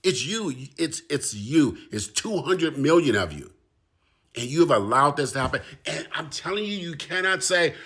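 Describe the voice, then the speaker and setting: Speaking directly to his audience, this commentator has a fairly high, sing-song voice with a slight roughness and a moderate pace. His impassioned monologue is forceful, driving points home through repetition and rising intensity.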